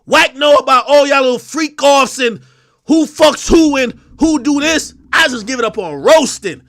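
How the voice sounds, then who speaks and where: High, bright-voiced man ranting hard. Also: lively intonation, moderate pace. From Jamaica. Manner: profane, aggressive, confrontational, often shouting. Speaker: host. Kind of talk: ranting livestream commentary.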